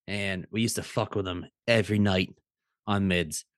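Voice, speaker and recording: A man's voice: deep voice, steady tone, moderate pace, no echo, studio quality. A man in a casual podcast chat, laid-back and laughing often as he tells stories, swearing casually.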